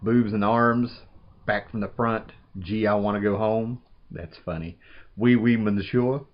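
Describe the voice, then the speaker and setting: Thirties man, casual unboxing vlogger, rambly and excited, low-pitched, muffled home recording. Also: measured pace. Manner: rambling, enthusiastic, says "man" often.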